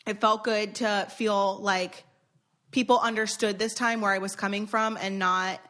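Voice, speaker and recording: A woman's voice: mid-range voice, fairly even intonation, unhurried, a bit bright. A woman co-hosting a podcast, talking earnestly in casual chat and repeating phrases to make her point. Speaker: podcast co-host.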